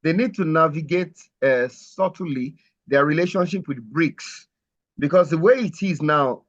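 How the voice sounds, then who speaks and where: A man with a slightly high voice talks through trade politics in a panel discussion. He hesitates often, restarts phrases and fills gaps with "um". The sound is muffled and lo-fi. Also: unhurried. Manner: hesitant, many fillers and restarts. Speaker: panel guest.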